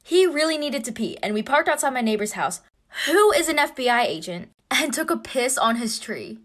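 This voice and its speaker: A woman's voice: high-pitched, big pitch swings, normal speed, a bit bright. A young woman telling a personal story in a casual, breathless and dramatic way.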